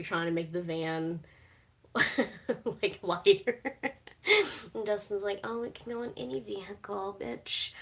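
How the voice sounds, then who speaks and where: A young woman talks casually on a live stream, recorded on her phone. She laughs easily, swears without thinking about it, and fills her pauses with "um" and "like.". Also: fairly low pitch, fairly bright tone. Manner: chatty, swears freely, laughs often, many fillers. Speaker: streamer reacting to a TV show.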